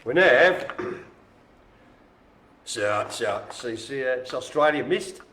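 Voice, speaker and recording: A man calls bingo on a live stream from an indoor care home lounge, joking and chatting animatedly with the people in the room. His mid-range voice is slow, the room echoes, and there's slight background noise.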